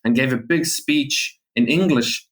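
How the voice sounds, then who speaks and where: A man with an Irish accent, whose first language is Irish, talks in a casual interview with a mid-pitched voice. He wanders through anecdotes, full of fillers and restarts. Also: measured pace. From Aran Islands, Ireland. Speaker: guest.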